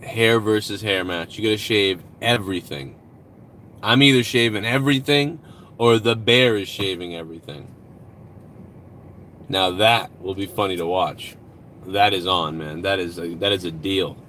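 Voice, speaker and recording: Brief: male streamer, bright and forceful, slightly low voice, rambling and profane, outdoors with faint traffic behind. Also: moderate pace. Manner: rambling, profane, reads out donations. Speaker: live-stream host. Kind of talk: casual live-stream chat.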